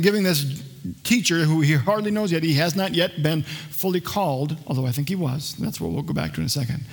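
Conversational preacher, a man, slightly high voice. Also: fairly bright tone. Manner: conversational, jokes with the congregation. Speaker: pastor. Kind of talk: sermon. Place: church.

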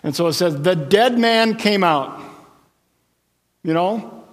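A male pastor delivers a sermon in a slightly high voice, moving between storytelling and playful asides. His words ring out with a long reverb, as in a church hall. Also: slow. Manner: animated storytelling with asides and jokes.

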